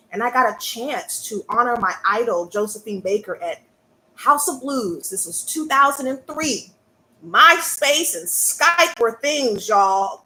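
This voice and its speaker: A woman, a burlesque performer and coach talking live to her audience in a sassy, animated way. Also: medium pitch, roomy sound, a little hiss or hum, poor audio. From American South. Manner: sassy and animated, calls out to listeners. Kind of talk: live-stream talk to an audience.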